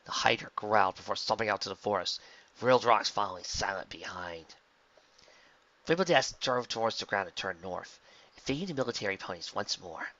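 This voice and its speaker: A man reading a fan fiction story aloud in a plain, steady manner. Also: fairly low pitch, brisk, dull audio. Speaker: narrator.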